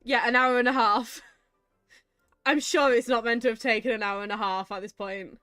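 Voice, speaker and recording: A woman's voice: on the high side, fairly even intonation, normal speed, sharp tone, clean tone, no room sound, studio quality, faint music behind. Chatty woman streamer, laughing asides. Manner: chatty and rambling, with frequent laughs. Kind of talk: casual gameplay commentary.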